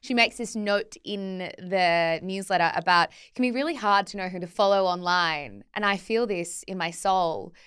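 A woman's voice: medium pitch, normal speed, hardly any pauses, clear, resonant tone, no room sound, studio quality. A young woman co-hosting a podcast, telling stories in casual chat and laughing often. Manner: animated storyteller, laughs often. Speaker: podcast co-host.

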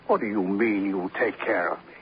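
A man's voice: fairly low pitch, moderate pace, a little hiss or hum, natural voice. An actor playing an arrogant toy company boss who blusters and then begs for his life in an old radio drama. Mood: indignant. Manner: indignant and blustering, breaking into terrified pleading. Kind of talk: 1940s radio acting. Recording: muffled old radio broadcast.

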